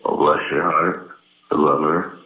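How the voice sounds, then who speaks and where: A man with a deep, sleepy voice in a casual phone chat, drowsy and slurring with long pauses. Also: level tone. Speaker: caller on a recorded phone call. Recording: tinny echoey phone recording.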